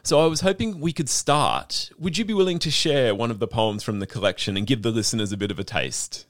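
A man's voice: medium pitch, expressive, brisk, no echo, clean studio sound. A man hosting a radio interview, effusive and openly emotional as he reads a scripted intro and then chats. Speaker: podcast host.

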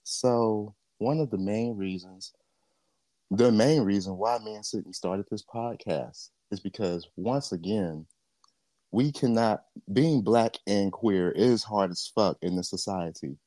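A man's voice: fairly low pitch, unhurried, mellow, no room sound. A man co-hosting a podcast, talking in a blunt, profane and impassioned casual rant. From Jamaica. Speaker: podcast co-host.

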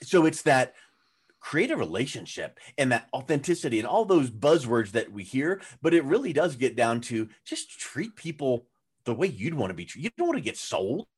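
Male coach, podcast guest: chatty, animated, acts out quotes with high jumps, average-pitched voice. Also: moderate pace, slightly rough. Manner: loose and chatty with fillers. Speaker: guest, authority positioning coach. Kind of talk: conversational podcast interview.

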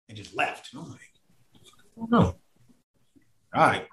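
A man's voice: medium pitch, moderate pace, long pauses, fairly bright tone, echoey room. A man as a podcast guest, telling a long story in a casual, profane way and acting out other people's voices.

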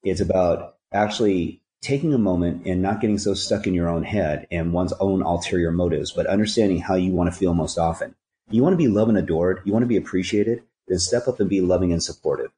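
A man's voice: sits low, a little fast, warm tone, reverberant. A man speaking as a podcast guest, telling stories and giving earnest, preachy life advice with rhyming catchphrases. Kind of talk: conversational storytelling and life advice.

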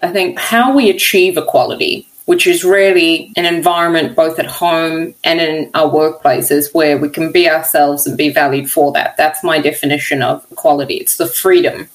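A woman's voice: low-pitched, steady tone, moderate pace, hardly any pauses, rough recording. A woman researcher as an interview guest, telling her story earnestly and with feeling, with many casual fillers. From not from America. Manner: earnest, heartfelt, many "you know" fillers. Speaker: guest, workplace equality researcher.

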